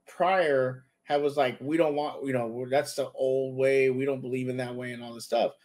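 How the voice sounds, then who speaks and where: A man hosting a relaxed talk show about a TV episode. He retells the scenes with lively quoted lines and talks in an average pitch for a man. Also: moderate pace, few pauses. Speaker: podcast host. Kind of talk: casual show review chat.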